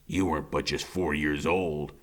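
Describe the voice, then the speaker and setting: A man voicing a hulking, cold grown man who speaks slowly and low. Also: steady tone. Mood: menacing.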